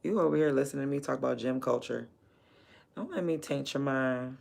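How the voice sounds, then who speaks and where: A woman with a very deep, creaky, slightly mellow voice talks briskly as she livestreams while working. She chats casually with viewers, bluntly and profanely, and laughs often.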